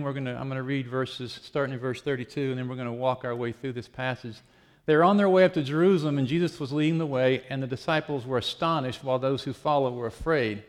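A male pastor preaching in a relaxed, conversational way, retelling a passage as if chatting with a friend. His voice sits at a middling pitch, and he restarts his phrases often as he feels his way through the story. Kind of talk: sermon. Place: office.

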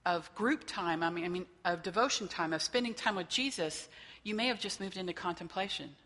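A woman trainer speaks with a lower-pitched but bright, forward voice. She teaches a faith-based session in a loose, conversational way and keeps checking that her listeners are following. A long hall reverb trails behind her voice. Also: brisk. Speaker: workshop trainer.

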